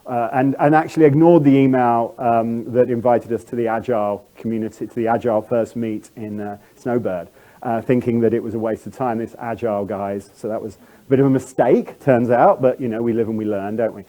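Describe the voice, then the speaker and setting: A man's voice: mid-range voice, steady tone, a little fast, mellow. A middle-aged man with a standard British English accent giving a chatty, self-deprecating conference talk, full of fillers and restarts. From England. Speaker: conference speaker.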